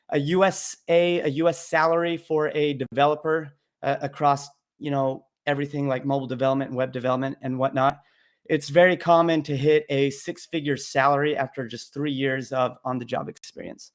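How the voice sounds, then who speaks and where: A young man runs a casual live Q&A about learning to code. He answers bluntly, cracks jokes, and rambles a bit with ums and uhs, in a voice pitched a little above the usual male range. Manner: blunt, joking, rambling with fillers. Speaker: livestream host answering coding questions.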